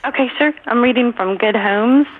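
A woman's voice: a little high, normal speed, husky. A woman from Texas with a Texan accent, calling in to a radio show, giggly and self-deprecating. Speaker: radio caller. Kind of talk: phone-in chat. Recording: muffled phone-in line.

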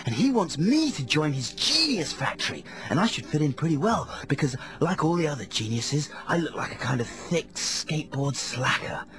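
A man on a comedy radio show impersonating a self-absorbed male film star, talking in a melodramatic breathy stage whisper. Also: a little high, sing-song, moderate pace, hardly any pauses, voice pushed up. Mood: gushing. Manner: melodramatic, self-mocking monologue. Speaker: radio host. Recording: radio broadcast with music underneath.

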